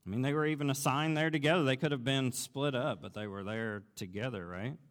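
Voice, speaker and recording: A male pastor delivers a sermon in a plain, middle-pitched voice. He tells his story earnestly and conversationally, building into animated retelling. A long reverb tail trails his words around a large hall. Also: brisk.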